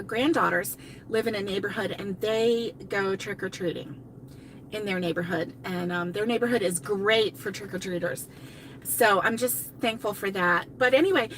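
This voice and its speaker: An older woman who hosts a crochet channel chats casually from her car during a live stream, rambling, laughing often and reading viewer comments aloud. Her voice is on the high side with a fairly bright tone, and there's slight background noise.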